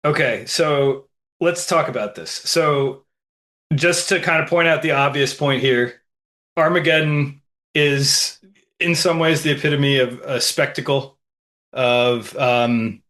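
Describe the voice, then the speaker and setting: Male podcast co-host, bright tone, measured explainer. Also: medium pitch. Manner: explanatory, measured, with filler pauses. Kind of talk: casual film podcast chat.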